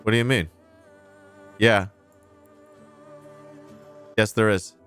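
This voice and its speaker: A man's voice: fairly low pitch, steady tone, slow pace, a bit bright, clean tone, soft background music. A man hosting a livestream, reacting to news clips in a sarcastic, ranting way and swearing freely. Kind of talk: casual livestream commentary.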